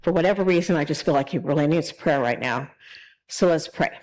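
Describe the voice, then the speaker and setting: A woman voicing a calm churchgoing man who recounts an urge to pray, in a lower and brisker voice. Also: natural voice, poor audio. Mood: earnest. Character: calm churchgoing man recalling a prayer call.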